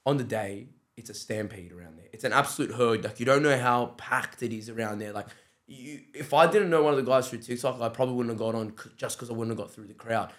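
A young-sounding Australian man rattles through his stories at a quick clip, his pitch sitting in an ordinary middle range. He's a guest on a casual podcast, animated and slangy, slipping into the voices of the people in his stories. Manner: animated, acts out quoted dialogue, says "bro" often. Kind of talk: casual storytelling chat.

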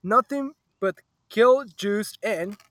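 High-voiced joking young man. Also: slow pace, no room sound. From Mexico. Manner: joking, laughing, loud bursts. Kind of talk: casual chat over a party card game. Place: outdoors in a public spot.

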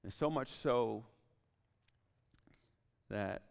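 Gravelly-voiced pastor preaching in a hall. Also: male voice, medium pitch, drawn-out words. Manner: storytelling preacher, quiet whispered asides to the congregation. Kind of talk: sermon. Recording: long hall reverb.

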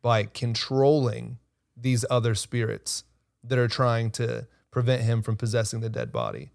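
A man with a gravelly, fry-tinged voice talks earnestly on a faith-based podcast. He is hesitant and repeats words while he gathers his thoughts. The recording is dry and close, with no room sound. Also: medium pitch, expressive, unhurried, darkish tone, no echo. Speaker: podcast co-host. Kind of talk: casual faith-based discussion.

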